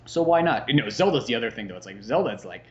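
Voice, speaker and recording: A man's voice: mid-range voice, expressive, quick pace, dull audio. A young man hosting a podcast in casual chat, rambling and swearing freely. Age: young adult. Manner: rambling, swears freely, slips into mocking voices. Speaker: podcast host.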